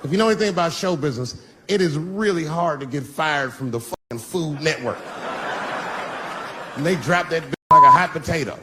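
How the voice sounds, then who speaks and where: A man's voice: fairly high pitch, animated, fairly quick. A middle-aged man doing a stand-up comedy set, brash and crude, on a live stage with a handheld mic. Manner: brash, crude punchlines with mocking asides. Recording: live stage recording with audience noise.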